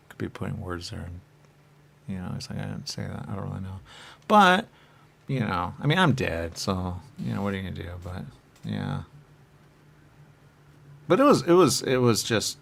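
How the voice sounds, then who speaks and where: A man talking in the first person as a dead spirit, rambling and halting, trailing off into fillers and jumping to high voices for quotes. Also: expressive, gravelly, a bit bright.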